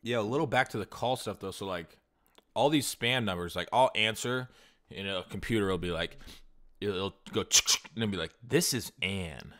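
A male podcast co-host chatting casually and swearing his way through a rant. His voice sits a little low but rings bright and forceful. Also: normal speed. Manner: profane, ranting storyteller. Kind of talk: casual comedy podcast chat.

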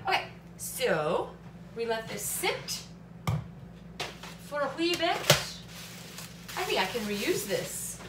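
Chatty high-voiced woman in an echoey kitchen. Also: big pitch swings, slow pace, long pauses, very noisy. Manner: chatty, jokey, breaks into silly sung bits. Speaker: vlogger. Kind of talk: casual vlog chat. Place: home kitchen. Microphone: camera on a tripod.

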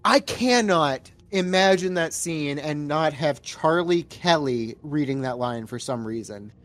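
A man co-hosting a casual beer-and-movie podcast, animated and quoting lines in put-on voices. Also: on the high side, a little slow, dry recording. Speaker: podcast co-host.

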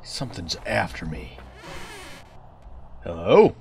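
A man's voice: deep voice, big pitch swings, slow, vocal fry, a little mellow, a little hiss or hum. A young man giving rambling, joking commentary on a horror game he plays, slipping into a put-on hillbilly drawl. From United States. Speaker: let's play gamer.

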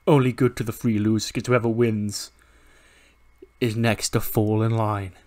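A man voicing an arrogant male wrestling champion in a game storyline, speaking in a slow, threatening way. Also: on the low side, flat delivery, a little mellow, natural voice. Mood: menacing.

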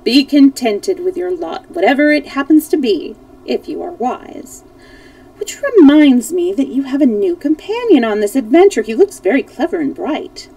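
A gracious fox king with courtly, flattering manners and a jovial streak, as a woman voices him. The voice is raised and a bit gravelly, and it sounds distant from the mic. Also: high voice, normal speed, voice pushed up.

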